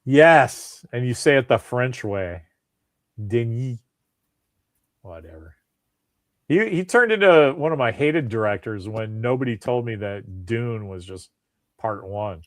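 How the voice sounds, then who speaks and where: A male podcast host chatting casually about movies. His voice sits at an ordinary middle pitch and sounds dry and close to the mic. He tells stories with lots of animation, slipping into the voices of the people in them. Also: a little slow, no room sound. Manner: animated storyteller, acts out quoted voices. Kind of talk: casual chat.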